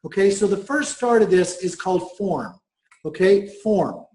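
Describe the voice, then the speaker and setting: High-voiced, fired-up sales trainer man. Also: measured pace, reverberant, poor audio. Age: middle-aged. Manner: energetic, enthusiastic, emphatic. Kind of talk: training seminar talk.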